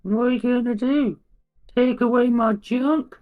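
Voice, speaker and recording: A man playing a tabletop character in a high, cheeky, sulky voice. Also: fairly even intonation, a little slow, narrow, tinny audio, faint music behind. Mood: grumpy. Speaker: player of the character Scrick. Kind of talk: tabletop role-play, in-character lines.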